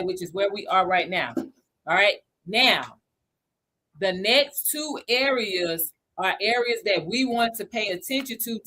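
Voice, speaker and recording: A woman's voice: medium pitch, bright, forceful tone, a little hiss or hum. A woman hosting a livestream lesson for beginners. She talks casually, greets viewers by name between points, repeats the key figures and checks that everyone follows. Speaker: crypto educator hosting a livestream.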